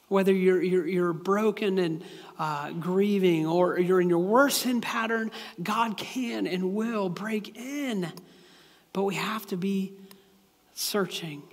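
Male pastor, high-pitched, casual confessional sermon, reverberant hall. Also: takes it slowly. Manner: casual, confessional, with many restarts and asides. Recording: echoey hall with long reverb.

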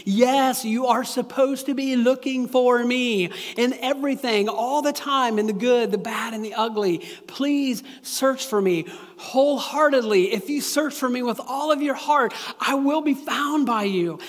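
A man's voice: extremely high pitch, unhurried, voice pushed up. A man voicing a loving divine father who pleads tenderly and emphatically with his children, in an echoey hall. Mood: pleading. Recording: echoey hall with long reverb.

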